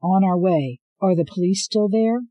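A man's voice: high-pitched, moderate pace, warm tone, no echo, voice pushed up. A man voicing a tense young woman mechanic who speaks in clipped, urgent bursts.

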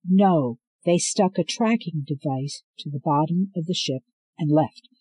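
A man voicing an excitable, chatty female ship android who talks in a breathless, fussy way. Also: a little high, a little slow, slightly rough, dry recording, poor audio. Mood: reporting.

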